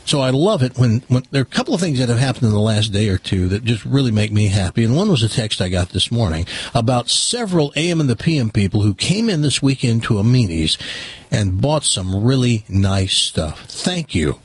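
A man's voice: mid-range voice, brisk, breathy edge, dry recording. Chatty older male radio host. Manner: animated, chatty, opinionated. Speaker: radio talk show host. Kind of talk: casual radio talk.

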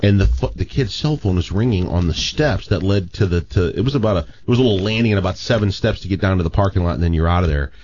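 Brief: low-pitched man, animated storyteller, dull lo-fi recording. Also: quick pace, hardly any pauses. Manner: animated storyteller with many restarts. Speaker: co-host telling a story. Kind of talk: casual chat, storytelling.

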